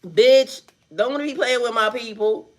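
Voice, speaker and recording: A woman giving casual, profane reaction commentary on a news clip, laughing often and talking in a loud, playful way. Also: on the high side, a little slow.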